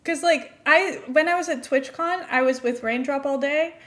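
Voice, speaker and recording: A young woman with a fairly high voice and an international-school American accent, chatting as she streams a game. She is chatty and giggly and answers her viewers between building tasks. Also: normal speed, a bit bright. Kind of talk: casual chat while playing a game live.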